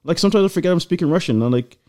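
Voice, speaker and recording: A man in casual chat, telling a long personal story in a rambling, animated way with lots of fillers. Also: fairly high pitch, racing. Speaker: guest.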